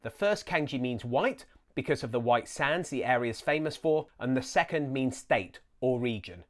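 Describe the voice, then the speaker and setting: A man hosting a show, giving a scripted educational narration in a clear, deliberate explainer manner. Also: medium pitch, animated, slight background noise. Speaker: host.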